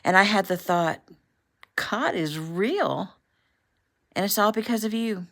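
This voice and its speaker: A woman voicing an excitable, emotional woman journalist who squeals and gushes as she talks. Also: mid-range voice, takes it slowly. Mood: gushing.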